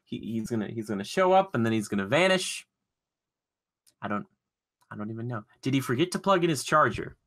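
A man's voice: mid-range voice, sing-song, fairly bright tone. A young man co-hosting a podcast in casual chat, joking and acting out little voices. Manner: joking, quick to laugh and act out voices. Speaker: podcast co-host.

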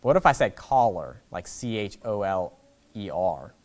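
A man's voice: fairly low pitch, animated, normal speed. Pastor guy teaching bible class, blunt and combative, keeps tossing in "okay?". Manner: blunt, combative, conversational with frequent "okay?" asides.

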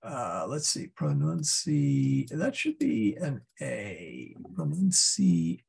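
A man teaching a Latin class, explaining step by step and thinking aloud with many pauses and fillers. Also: fairly low pitch, huge pitch swings, creaky, slightly rough. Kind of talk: classroom lesson.

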